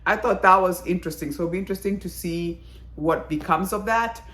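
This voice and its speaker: A woman giving a casual, chatty video review of a drama, talking in an animated, exclaiming way. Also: on the low side, brisk, echoey room.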